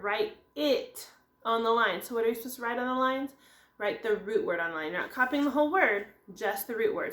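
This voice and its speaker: A woman's voice: fairly high pitch, fairly bright tone. Patient woman teacher in an echoey room. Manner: patient, explains step by step, asks and answers her own questions. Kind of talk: recorded remote phonics lesson.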